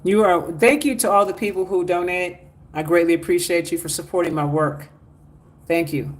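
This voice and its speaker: A man's voice: high voice, fairly even intonation, normal speed. A man hosting a spiritual livestream, reading out viewer comments and urging people to like, share and donate. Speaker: spiritual teacher.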